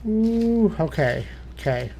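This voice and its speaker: A man's voice: high-pitched, big pitch swings, slow pace, mellow, slight background noise. A man playing a horror game, talking to himself nervously with jumpy exclamations. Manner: nervous running self-talk, jumpy exclamations. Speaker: gaming let's player.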